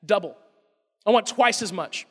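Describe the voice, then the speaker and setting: A man's voice: sits high, lively intonation, normal speed, breathy edge, in a large hall. A man voicing a bold, demanding male prophet, exclaiming in disbelief. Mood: eager. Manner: exclaiming, incredulous.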